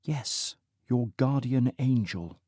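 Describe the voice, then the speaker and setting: Guy reading as a cheeky british girl, pitched way up, dry sound. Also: animated, moderate pace, dry recording, lightly acted. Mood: whispering. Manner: teasing, bold, loud. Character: sassy, fiercely independent young woman rescuer.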